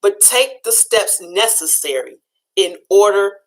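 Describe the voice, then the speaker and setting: A woman's voice: medium pitch, animated, measured pace, low-quality recording. A woman hosting a motivational talk show. She speaks firmly and with conviction, giving direct commands and encouragement in a plain mid-range voice. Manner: firm, affirming, speaks in commands. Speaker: host.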